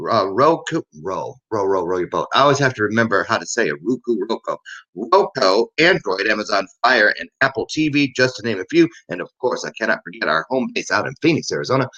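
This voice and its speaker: A man's voice: medium pitch, bright, forceful tone, muffled recording. A man hosting a casual live stream, chatty and upbeat, rambling from one story to the next. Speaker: host.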